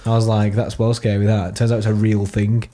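A young man co-hosting a podcast, quick with jokes and reactions in casual chat. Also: on the low side, monotone, warm tone. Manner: jokey, quick reactions, laughs along. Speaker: podcast co-host.

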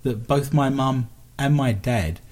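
A man's voice: medium pitch, slow pace, darkish tone. A man with an English accent hosting a radio talk show, rambling and joking at his own expense. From England. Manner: self-mocking, rambling, jokey. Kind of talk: casual radio banter. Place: home studio.

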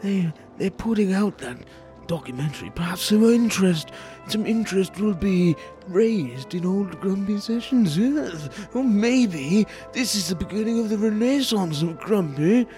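An actor playing a faded, lonely old ex-TV performer, rambling wistfully in a comedy interview. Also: male voice, high-pitched, animated, a little slow, hardly any pauses, dark tone, soft background music. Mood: doddering, wistful. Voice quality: doddering, wistful.

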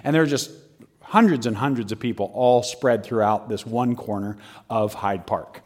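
A man telling a personal story in a lively way, often laughing and acting out the people in it. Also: mid-range voice, moderate pace. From United States. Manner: lively, laughing as he tells it, acts out voices.

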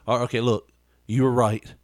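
A man voicing an excited, gleeful husband in a spoken joke, with rushed, breathless exclamations. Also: medium pitch, no echo, clean studio sound, close to an everyday voice.

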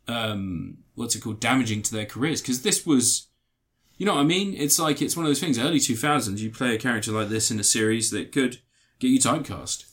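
A man co-hosting a casual review chat, rambling with many fillers and restarts. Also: medium pitch. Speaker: podcast co-host reviewing TV.

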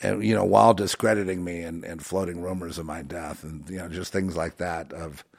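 A man talking as a show host in a rambling monologue, emotional and full of fillers, swinging between loud outbursts and low mutters. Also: fairly even intonation, a little fast, vocal fry. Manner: many fillers and restarts.

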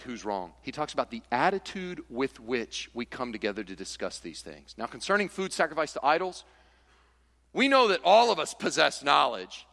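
Animated male preacher in a reverberant hall. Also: mid-range voice, gravelly. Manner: animated, acts out voices of church members. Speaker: pastor. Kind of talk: sermon.

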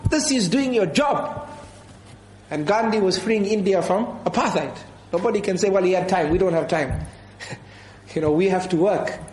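Earnest high-voiced male preacher, echoey room. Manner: earnest, repeats key phrases, quotes Arabic scripture. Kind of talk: sermon.

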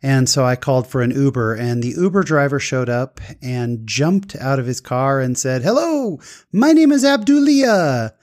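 An upbeat man hosting a talk show, moving between easy chat with guests and an earnest personal story. His voice sits at a middle pitch and he speaks warmly and sincerely. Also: steady tone, normal speed, hardly any pauses.

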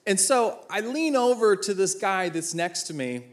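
A man's voice: sits high, expressive, moderate pace. A man in his thirties, a former football player giving an inspirational talk, telling personal stories with self-mocking humor and acting out the dialogue.

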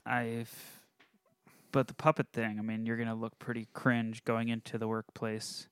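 A man's voice: mid-range voice, monotone, a little slow, clear, resonant tone, no echo. A man co-hosting a casual podcast chat, laid-back and playful, laughing often.

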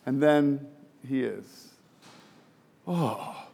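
A man's voice: medium pitch, lively intonation, drawn-out words, gravelly, darkish tone. A man preaching a sermon, emphatic and full of rhetorical questions, sometimes dropping to a near whisper.

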